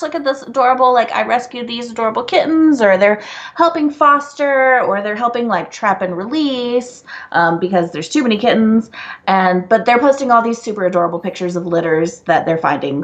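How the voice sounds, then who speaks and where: A woman co-hosting a casual live Q&A stream, telling stories and laughing often. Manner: animated storyteller, laughs often, jumps high in quoted bits. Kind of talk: casual chat.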